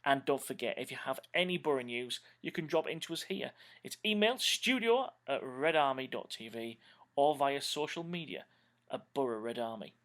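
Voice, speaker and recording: A man reading a scripted news bulletin for a football fan channel in a brisk, upbeat manner. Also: mid-range voice, animated, a bit bright.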